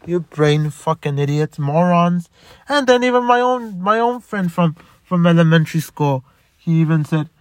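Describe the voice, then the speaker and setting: A man's voice: a little high, animated, normal speed, no echo. A young man telling a personal story in a bitter, profane monologue, rambling and restarting often.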